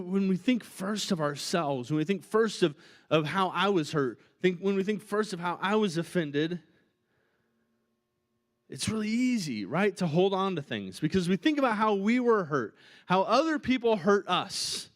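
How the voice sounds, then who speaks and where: Man, pastor, preaching to a church, chatty, animated, voice a little high. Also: unhurried. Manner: conversational, animated preaching with many "right?" asides. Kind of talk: sermon. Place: church auditorium.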